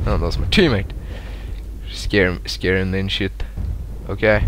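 A young man giving live commentary over a shooter game, excitable and foul-mouthed, laughing at his own blunders. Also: unhurried, pauses often. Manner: excitable, swears a lot, laughs at himself, swings from loud yelps to low mutters. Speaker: gameplay commentator.

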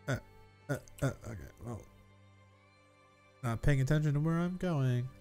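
A man's voice: medium pitch, moderate pace, pauses often, warm tone, soft background music. A man casually commenting on his own gameplay, playful and chuckling as he goes. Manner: playful, chuckling, self-narrating. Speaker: gamer, video host.

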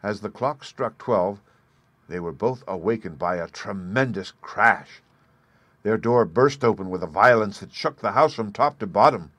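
A man reading a fairy tale aloud in measured storybook narration. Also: on the low side, animated, fairly bright tone, no echo. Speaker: audiobook reader.

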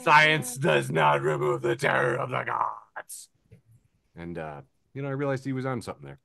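A man's voice: mid-range voice, very animated, moderate pace, creaky, bright, forceful tone. A man hosting a podcast, casually reading social media posts and memes aloud and chuckling between them. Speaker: podcast host.

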